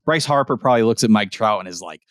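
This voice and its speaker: A man co-hosting a podcast, talking sports in casual, profane, animated chat. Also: lowish voice, no room sound, studio quality. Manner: animated, profane, rapid-fire opinions. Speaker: podcast co-host.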